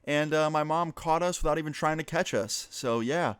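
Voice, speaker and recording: A man's voice: on the high side, normal speed, a bit bright, clean tone, no echo. Young man casually telling a story. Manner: casual, profane, rambling with fillers. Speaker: vlogger.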